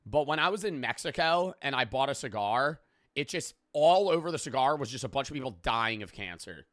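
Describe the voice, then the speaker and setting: Bright-voiced excitable young American man. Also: medium pitch, no room sound, clean studio sound. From United States. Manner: excitable, heavy swearing, quick restarts. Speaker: streamer reacting to videos. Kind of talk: casual reaction commentary.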